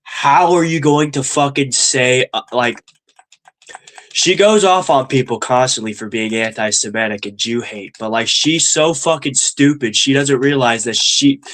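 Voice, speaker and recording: A man's voice: medium pitch, unhurried, a bit bright. Angry, nasal young man ranting. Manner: angry, swearing constantly. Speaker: stream host. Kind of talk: profane political rant.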